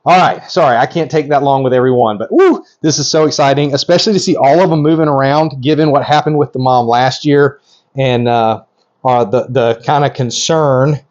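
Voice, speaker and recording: A middle-aged man talks eagerly as host of his own vlog, in a voice of ordinary middle pitch. He rambles and cuts himself off mid-thought. The audio is a bit dull and lo-fi. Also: normal speed. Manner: excitable, rambling, self-interrupting. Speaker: reptile breeder host. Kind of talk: hands-on vlog commentary.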